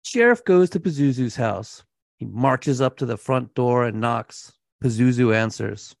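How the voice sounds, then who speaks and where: A man's voice: medium pitch, lively intonation, unhurried, gravelly, dry recording, studio quality. A man co-hosting a true crime podcast, telling the story in a laid-back, casual way and laughing now and then. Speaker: podcast co-host.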